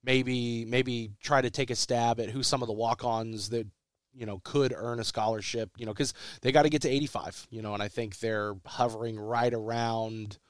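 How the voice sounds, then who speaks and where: A man's voice: mid-range voice, smooth, no echo, studio quality. Congested man hosting a podcast. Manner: rambling, repeats his words as he restarts. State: sick, congested voice. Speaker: podcast host. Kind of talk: casual sports podcast chat.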